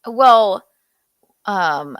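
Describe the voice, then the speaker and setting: A woman's voice: mid-range voice, expressive, no echo, studio quality. A woman hosting a podcast in casual chat, drawing out words and laughing often. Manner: drawn-out, laughing, gossipy. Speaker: podcast host.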